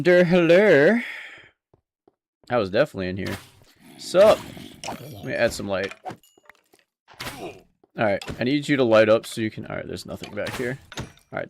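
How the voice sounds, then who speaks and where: A man's voice: fairly low pitch, gravelly, a little hiss or hum. Laid-back young man streaming a game. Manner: laid-back, chatty, laughs often, talks to chat. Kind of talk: casual gameplay commentary.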